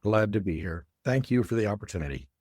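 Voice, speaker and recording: The speaker, a middle-aged man working as a design consultant, is a guest in a casual interview chat. His lowish, darkish voice is animated, and he stays friendly while deliberately and carefully walking through details. There's no echo, and the recording is studio quality.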